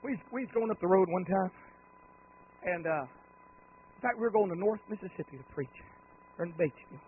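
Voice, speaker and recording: A man preaching a holiness sermon. He tells folksy, humorous stories and swings from low talk to rising, shouted, drawn-out cries. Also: slight background noise. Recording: tinny phone-like lo-fi recording.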